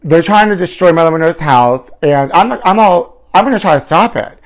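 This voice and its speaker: A man with a fairly high voice hosts a live gossip stream from home. His delivery is campy and theatrical, with terms of endearment for his viewers and dramatic swoops into mock outrage. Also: lively intonation, brisk. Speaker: host of a live celebrity gossip show.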